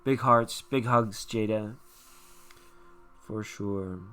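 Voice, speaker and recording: A man's voice: fairly low pitch, fairly even intonation, extremely slow, fairly bright tone, clear, resonant tone, faint music behind. A man hosting a live tarot stream, chatting casually and reassuring viewers by name.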